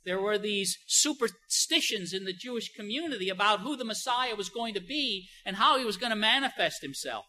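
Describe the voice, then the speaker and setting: Male pastor, sermon delivery, bright edgy tone, emphatic, talky with "you know" fillers. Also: high voice, expressive, normal speed, hardly any pauses, poor audio. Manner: swings between soft and loud emphasis.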